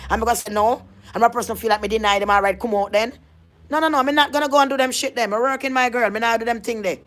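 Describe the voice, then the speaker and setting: A woman's voice: fairly high pitch, rapid-fire, a bit bright. An adult woman, ranting in a vlog monologue, emphatic and confrontational, often repeating herself. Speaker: vlogger.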